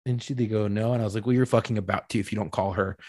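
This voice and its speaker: Husky guy ranting through a hospital story, dry close mic, swears a lot. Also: on the low side, very fast, dry recording. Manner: profane, animated, acts out quoted voices. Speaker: podcast co-host telling a story. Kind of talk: casual storytelling chat.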